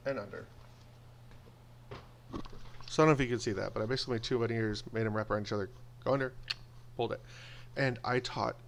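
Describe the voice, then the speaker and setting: A man telling personal stories in a casual monologue, animated and acting out the voices of people he quotes. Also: mid-range voice, creaky, slight background noise. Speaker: video blogger.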